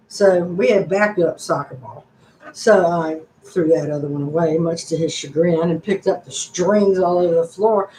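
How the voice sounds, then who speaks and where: A woman's voice: on the low side, moderate pace, mellow. An older woman hosting a casual live-stream chat, rambling along in a folksy, chatty way. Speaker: channel host. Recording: echoey room.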